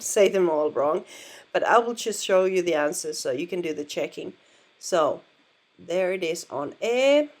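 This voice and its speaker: A woman with a Finnish accent, patiently explaining pronunciation in a language lesson and repeating words to model them. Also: sits low. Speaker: language teacher.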